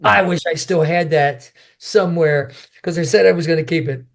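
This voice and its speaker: An older man's voice sits a little high for a man. He tells his story with animation and acts out other people's lines in quick bursts. He sounds like an interview guest caught up in his own memories. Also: gravelly. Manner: animated storyteller acting out quotes. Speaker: guest, martial artist and actor.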